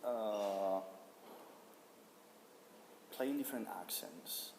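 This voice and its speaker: Male interviewer, halting questions, low voice, echoey roomy hall. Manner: halting, searching for words. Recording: roomy hall with faint noise.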